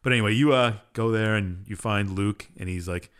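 A man's voice: lowish voice, fairly quick, clear, resonant tone. A man co-hosting a podcast, casually recapping a game's story in a laid-back, dismissive way. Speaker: podcast co-host. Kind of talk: casual chat, recapping a game plot.

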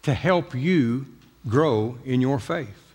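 A man's voice: mid-range voice, expressive, slow pace, a little mellow, husky, in a large hall. A man preaching a sermon as pastor, talking in a folksy, emphatic way with jokes. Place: church sanctuary.

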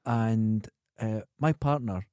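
A Scottish man co-hosting a podcast, chatting casually and telling lively stories, often imitating other people. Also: lowish voice, slow pace, clear, resonant tone, dry recording, clean studio sound. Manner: animated storyteller, imitates others. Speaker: podcast co-host. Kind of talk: casual chat.

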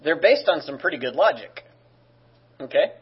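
Moving at a moderate pace, a man preaches in an easygoing, conversational way, slipping in humorous asides. His voice is a bit high with some huskiness, on a recording that sounds somewhat muffled and lo-fi.

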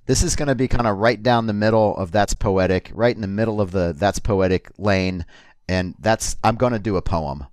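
A man hosting a comedy podcast with a dry, low-key delivery. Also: moderate pace, a little mellow, clear, resonant tone, no room sound.

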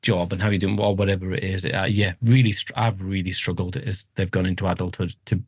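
A middle-aged man, a podcast guest talking in a halting, searching way. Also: low voice, steady tone, slightly rough, no echo, studio quality. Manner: hesitant, halting, many restarts. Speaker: podcast guest, spouse of a host. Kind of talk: casual chat.

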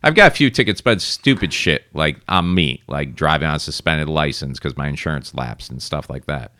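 A man's voice: very deep voice, expressive, normal speed, bright, forceful tone, no echo. A man from South Florida, co-hosting a podcast, telling a rambling and profane story in casual chat. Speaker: podcast co-host.

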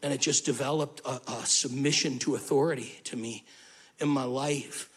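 A male pastor preaching a sermon in an animated way, with humorous asides and acted-out quotes. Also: medium pitch, moderate pace, husky.

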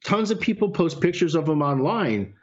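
Guy telling a story, bit high voice, bounces all over, kinda muffled recording. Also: moderate pace. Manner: animated storyteller, swears casually. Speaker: podcast guest. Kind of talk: casual storytelling. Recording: lo-fi sound.

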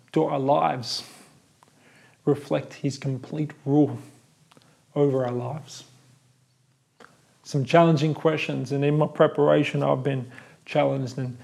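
Earnest pastor preaching. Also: male voice, mid-range voice, vocal fry, a little mellow. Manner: earnest, building to fervent emphatic lists. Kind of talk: sermon.

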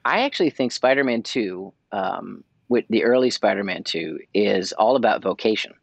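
A man co-hosting a podcast in casual chat, excitedly rambling with frequent restarts. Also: lowish voice, normal speed, vocal fry, slightly rough, no echo. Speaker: podcast co-host.

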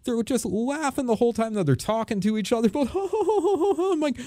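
A man's voice: very high voice, animated, normal speed, dark tone, dry recording. A man co-hosting a podcast, telling an exasperated story and acting out the people in it. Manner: exasperated, acts out people in his stories. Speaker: podcast co-host. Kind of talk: animated storytelling rant.

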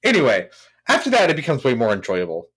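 A man's voice: mid-range voice, fast talker, breathy edge. A man co-hosting a podcast, chatting casually about a film and acting out its scenes with lots of "like" fillers. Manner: animated, acts out scenes, many "like" fillers. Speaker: podcast co-host. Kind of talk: casual film review chat.

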